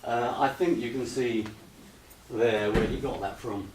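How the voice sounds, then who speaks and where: A man giving a slide presentation to an audience, hesitant with many ums, relaxed and gently humorous. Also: mid-range voice, a little slow. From United Kingdom. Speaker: lecturer. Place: retreat lecture room with audience. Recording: roomy echo, distant mic, faint hiss.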